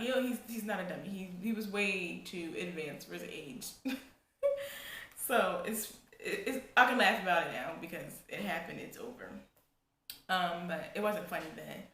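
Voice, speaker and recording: A woman's voice: medium pitch, reverberant, slight background noise. A young woman in a casual storytime vlog, rambling with lots of restarts and filler words. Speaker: vlogger.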